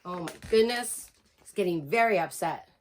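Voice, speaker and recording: A woman reading a picture book aloud to children, expressive and asking listeners questions, heard from a distance. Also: lowish voice, moderate pace, a little hiss or hum. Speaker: storyteller.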